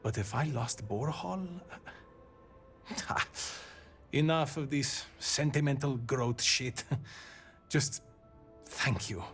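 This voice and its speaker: A rough, hard-drinking brother, gruff and rueful, quick to laugh off his own pride. The voice sits at a mid pitch with faint game music underneath. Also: fairly bright tone. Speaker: game character. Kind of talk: video game voice acting.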